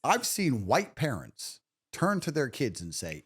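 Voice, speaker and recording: Brash, swaggering man with a lively voice. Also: medium pitch, a little slow, slightly rough. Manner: brash, profane, swaggering storyteller. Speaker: podcast guest. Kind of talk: casual chat.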